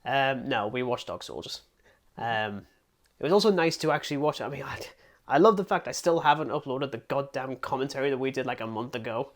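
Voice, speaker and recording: Male podcast co-host from England, mid-pitched, rambling, self-deprecating reviewer. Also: lively intonation, fairly quick. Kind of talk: casual film review chat.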